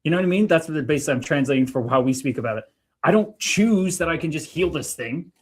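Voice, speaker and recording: A man co-hosting a livestream, telling spiritual stories in an animated way that swings between loud and soft. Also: on the high side, fast talker. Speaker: livestream co-host. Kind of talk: spiritual casual chat.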